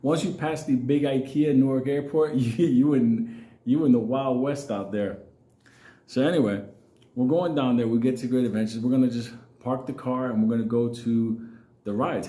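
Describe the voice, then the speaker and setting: A man's voice: mid-range voice, steady tone, moderate pace, dark tone, roomy sound. A man from New York City with a New York accent, telling a comic story in a casual, profane way and laughing often.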